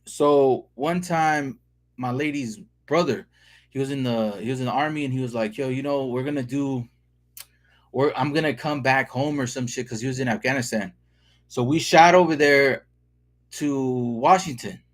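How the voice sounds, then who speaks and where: A man's voice: mid-range voice, normal speed. A man from the Los Angeles area chatting casually on a livestream, telling rambling stories full of slang and swearing. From Los Angeles area, California. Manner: laid-back, profane, rambling with slang. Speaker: livestreamer reading comments. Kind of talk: casual livestream chat, storytelling.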